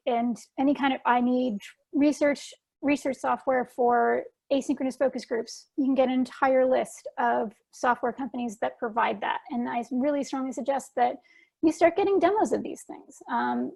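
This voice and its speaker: Woman, high voice, gravelly fry, casual Q&A speaker, chatty with fillers. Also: a little mellow. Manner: chatty, many fillers and restarts. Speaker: guest speaker answering questions. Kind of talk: casual conference Q&A.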